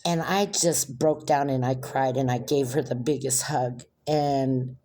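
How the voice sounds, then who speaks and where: A woman telling a personal story in a soft, reflective way. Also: very deep voice, steady tone, a little slow.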